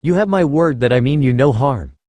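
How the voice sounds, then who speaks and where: A man voicing a calm male sorcerer who speaks in a soothing way. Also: medium pitch, brisk, no room sound, lightly acted.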